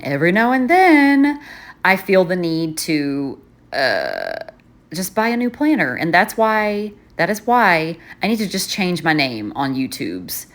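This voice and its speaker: A woman's voice: sits low, a bit bright. A woman vlogger chatting casually while setting up her planner, rambling and poking fun at herself. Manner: rambling, chatty and self-mocking, often trailing off.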